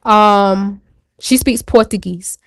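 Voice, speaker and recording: A woman's voice: mid-range voice, slow, no room sound. Chatty woman with a dry, close sound. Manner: candid, chatty storytelling with slang asides. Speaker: show co-host. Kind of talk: casual chat.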